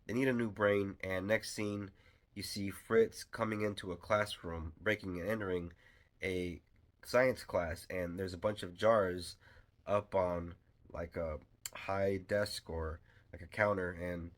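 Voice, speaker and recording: A man giving a casual spoken film review, rambling and enthusiastic, with lots of fillers and restarts. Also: low voice. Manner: enthusiastic fan.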